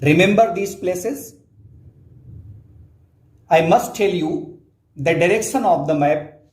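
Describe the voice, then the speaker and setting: A man with an Indian English accent, teaching an English lesson slowly and patiently, repeating points for his students. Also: high-pitched, darkish tone. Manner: slow, repetitive explaining, addresses students directly. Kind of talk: classroom lecture explaining a text. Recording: roomy echo.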